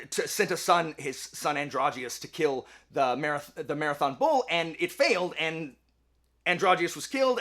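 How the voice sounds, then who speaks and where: Chatty guy telling old myths, high bright voice, jokes around a lot. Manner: chatty, jokey, many fillers. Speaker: host and storyteller. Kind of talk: casual myth retelling.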